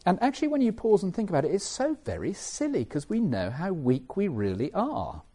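Middle-aged English preacher, mellow warm voice, animated conversational sermon delivery. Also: male voice, sits high, brisk. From England. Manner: animated, conversational, with self-mocking asides.

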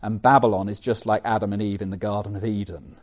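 A middle-aged English man preaching a sermon, animated and conversational with self-mocking asides. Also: fairly low pitch, quick pace. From England.

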